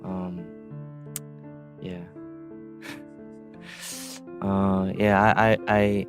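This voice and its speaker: A young man on a podcast speaks slowly and haltingly in a very deep, gravelly voice. He stumbles and restarts as he talks, with faint music behind him. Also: fairly even intonation. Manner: hesitant, halting. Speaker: podcast co-host. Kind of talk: casual chat.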